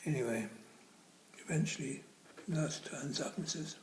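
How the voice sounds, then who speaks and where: A man's voice: on the high side, moderate pace, long pauses, roomy sound, poor audio. A man telling comic anecdotes in a dry style, often dropping to a near-whisper. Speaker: comedian. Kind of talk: comic storytelling.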